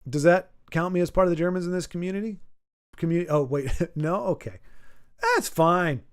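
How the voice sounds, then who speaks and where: A man's voice: high voice, steady tone, normal speed, clear, resonant tone. A man hosting a casual livestream, chatting to his viewers in a rambling, self-deprecating way with frequent stumbles and restarts. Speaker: livestream host.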